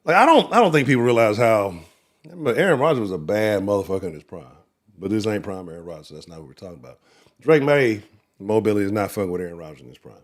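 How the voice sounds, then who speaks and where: A man hosting a live sports talk show, giving profane, animated, trash-talking commentary. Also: on the low side, quick pace. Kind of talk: casual livestream sports commentary.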